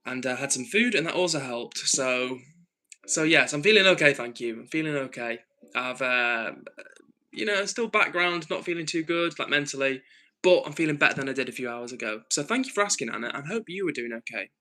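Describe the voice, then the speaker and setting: A man's voice: medium pitch, expressive, a little fast, sharp tone, rough recording. A man from the north of England, hosting a casual livestream and reading out viewer messages. He talks earnestly, thinking aloud with frequent ums and restarts. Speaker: livestream host.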